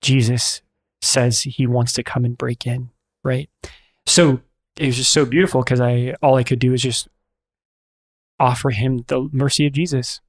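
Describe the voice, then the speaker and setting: Earnest halting priest telling a story. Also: male voice, medium pitch, fairly even intonation. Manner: earnest, halting, many restarts. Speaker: priest and friar. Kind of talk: conversational storytelling.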